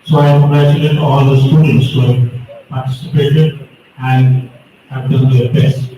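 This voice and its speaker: A man's voice: mid-range voice, little pitch movement, warm tone, a little hiss or hum. A man, judging a speech competition and correcting students' pronunciation. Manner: slow, explains pronunciation rules. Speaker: competition judge. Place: school hall. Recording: echoey hall, from far off.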